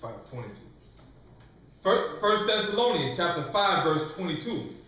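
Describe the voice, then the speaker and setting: A man reading scripture aloud in a loud, slow, measured voice. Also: high-pitched, very animated. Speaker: scripture reader. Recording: echoey room, mic far off.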